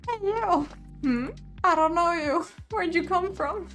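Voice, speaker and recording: A woman's voice: very high voice, a little slow, a bit bright, soft background music, pitched above the performer's own voice. A woman voicing a stern older female sparrow who rides a scooter, with a put-on Southern US drawl. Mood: gruff.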